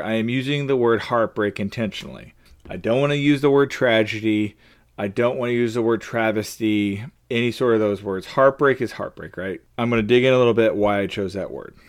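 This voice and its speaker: A man's voice: mid-range voice, clear, resonant tone. A man hosting a faith-based podcast, talking in an earnest, personal and openly emotional way. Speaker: podcast host.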